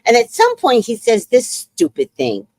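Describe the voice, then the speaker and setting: Animated woman with a lively, swooping voice. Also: fairly high pitch, moderate pace, no room sound. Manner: animated, exclaims and acts out quotes. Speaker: podcast host. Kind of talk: casual reality-show recap.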